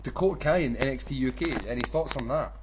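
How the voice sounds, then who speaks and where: Talking fast in a mid-range voice, this wrestling podcast co-host laughs and curses as he makes fun of commentators. Crowd noise is audible, and the recording sounds dull and lo-fi with faint noise.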